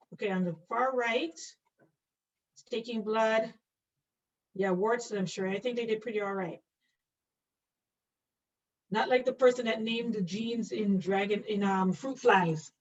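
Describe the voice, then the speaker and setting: A woman's voice: mid-range voice, measured pace, pauses often. A woman teaching an online nursing class, quizzing students by name and joking about her own drawing. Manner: playful, self-mocking, quizzes students by name. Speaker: nursing instructor. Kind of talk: online lecture while drawing. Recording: distant, dull lo-fi audio.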